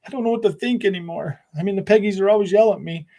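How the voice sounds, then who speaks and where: A man's voice: high voice, racing, dark tone. A man hosting a gaming channel, chatting casually on a live stream in a sarcastic, mocking way and saying "man" and "bro" a lot.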